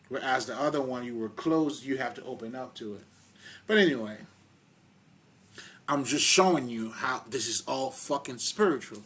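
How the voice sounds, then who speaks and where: A man giving a casual spiritual talk, rambling and profane, full of fillers and loud laughs between points. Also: medium pitch, slight background noise. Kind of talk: casual spoken monologue.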